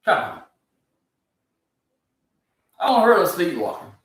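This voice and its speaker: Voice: medium pitch, big pitch swings, slow. A speaker, ranting disbelievingly about odd news stories in a casual comedic commentary. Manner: incredulous, ranting, laughs often. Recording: very echoey, from far off the mic.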